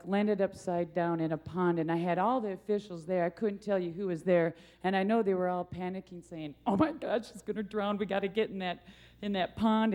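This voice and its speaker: A woman's voice: mid-range voice, darkish tone. A young woman, a monster truck driver, giving a rambling, laughing award acceptance speech full of self-deprecating stories.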